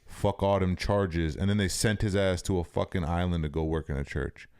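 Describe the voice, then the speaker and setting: A man's voice: low-pitched, fast talker, darkish tone. A young man co-hosting a podcast, telling rambling, profane stories in casual chat and saying "bro" constantly. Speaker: podcast co-host.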